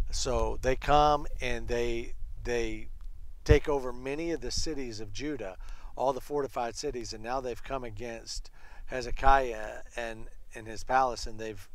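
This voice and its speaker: A man leading a casual Bible study, retelling scripture in an animated, conversational way. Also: mid-range voice, low-quality recording.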